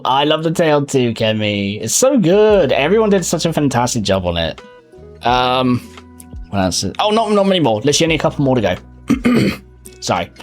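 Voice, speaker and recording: A man chatting casually on a live stream, greeting viewers by name and laughing often. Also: medium pitch.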